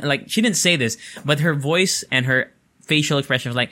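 A man's voice: medium pitch, brisk, sharp tone. A young man, telling a story in casual, rambling talk full of swearing and fillers.

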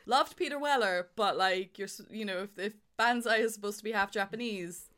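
A woman's voice: mid-range voice, a little fast, fairly bright tone. A woman co-hosting a casual movie podcast, chatty and often laughing, swearing now and then. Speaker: podcast co-host. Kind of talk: casual chat.

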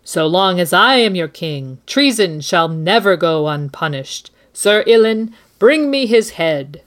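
Woman doing a bratty boy king, bossy and imperious, lots of pitch movement. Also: animated, measured pace. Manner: commanding, imperious reading. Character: cruel arrogant teenage boy king.

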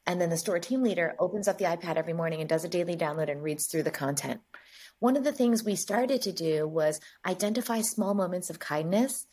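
A woman from the United States, a guest in an interview, telling stories in a lively way and acting out the dialogue. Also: on the low side, fairly quick, husky. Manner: lively storyteller, acts out dialogue. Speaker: guest, agency chief executive. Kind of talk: interview storytelling.

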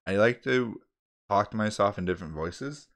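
A man with a very low, deep voice chats casually. He talks in a relaxed, rambling way and pokes fun at himself as he goes. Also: moderate pace. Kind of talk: casual chat.

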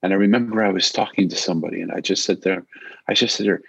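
Older man, deep husky voice, reflective personal storytelling, close and dry, dull lo-fi sound. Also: steady tone, very fast, fairly bright tone, no echo.

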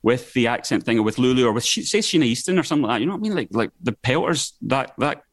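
Fast-talking animated Scottish man. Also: no echo, clean studio sound. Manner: animated and emphatic, with sudden jumps in pitch. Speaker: filmmaker guest. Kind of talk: casual podcast chat.

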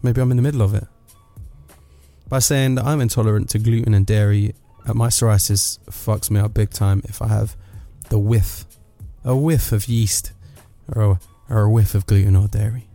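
A man rants through a comic monologue in a low, gravelly voice. His tone is dark and mellow, with sardonic asides, and the sound is dry and close. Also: steady tone, normal speed, no room sound, soft background music. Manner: sardonic, rambling rant with asides.

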